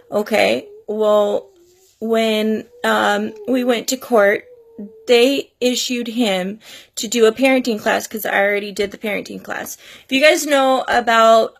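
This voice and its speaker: Slow, gravelly-voiced tearful woman vlogger. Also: mid-range voice. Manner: tearful, earnest, pleading. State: crying at times. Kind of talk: emotional personal vlog.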